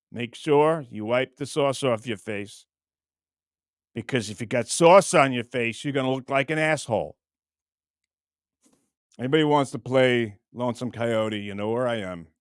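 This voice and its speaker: A man's voice: medium pitch, measured pace, long pauses, smooth, no echo, clean studio sound. A man hosting a show, riffing through comic bits in casual chat and laughing often. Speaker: host.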